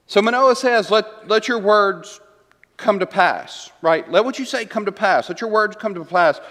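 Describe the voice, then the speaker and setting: Male Bible teacher, slightly high voice, long church-hall echo; conversational, rhetorical questions, repeated lines. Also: fairly bright tone. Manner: paraphrases verses and repeats key lines for emphasis. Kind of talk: teaching a Bible class, retelling scripture. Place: church classroom.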